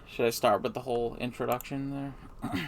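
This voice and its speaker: A man's voice: mid-range voice, level tone, moderate pace, slight background noise. A man streaming live, rambling in a hesitant, mumbling, self-deprecating way.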